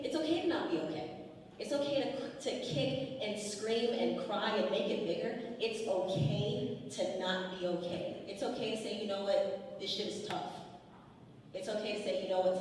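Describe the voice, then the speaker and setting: A woman's voice: fairly low pitch, darkish tone, a little hiss or hum. A woman on a panel speaking with emphasis and affirmation, repeating her phrases for weight. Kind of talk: impassioned panel talk. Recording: echoey hall from far off.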